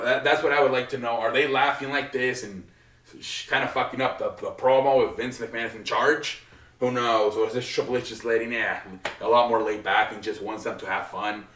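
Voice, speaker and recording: A man's voice: mid-range voice, fairly bright tone. Casual male host, rambling with frequent ums and swearing, recorded off-mic in a roomy space. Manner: rambling, lots of filler words and swearing. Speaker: wrestling show recap host. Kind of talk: casual unscripted recap. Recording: roomy echo, distant from mic.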